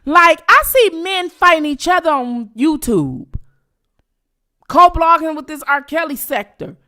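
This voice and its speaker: A woman's voice: high-pitched, big pitch swings, a little slow, sharp tone. A woman hosting her own channel, giving blunt, profane, teasing live-stream commentary to her viewers. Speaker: channel host.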